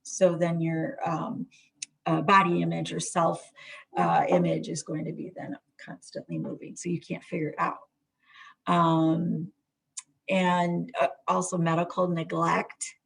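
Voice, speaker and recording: A woman's voice: fairly low pitch, flat delivery, a little slow, gravelly, slightly rough. A middle-aged woman therapist giving a presentation on trauma in a conversational way, full of fillers and restarts.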